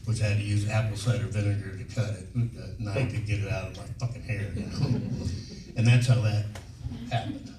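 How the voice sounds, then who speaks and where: A man's voice: fairly low pitch, steady tone, normal speed. Profane older man telling stories in a hall. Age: 60s. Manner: profane, rambling, laughing anecdotes. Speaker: convention panel guest. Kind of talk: casual storytelling on stage. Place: convention panel room. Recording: echoey hall, distant mic, faint hiss.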